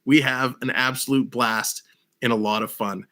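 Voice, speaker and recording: Upbeat guy hosting a stream, laughs a lot, bright tense voice. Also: medium pitch, steady tone, moderate pace. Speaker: livestream host. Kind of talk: casual chat.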